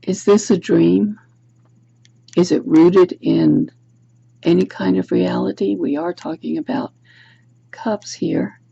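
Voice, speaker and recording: A woman's voice: lowish voice, steady tone, slow pace, vocal fry, long pauses, mellow, slightly rough, muffled recording. A woman giving a tarot card reading to camera, musing aloud and asking the viewer reflective questions. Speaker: tarot reader. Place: home room, self-recorded video. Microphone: camera's built-in mic.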